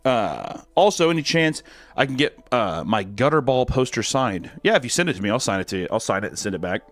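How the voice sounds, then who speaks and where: A man's voice: medium pitch, very animated, brisk. A young man streaming, reading out fan messages in a crude, joking, sarcastic casual chat.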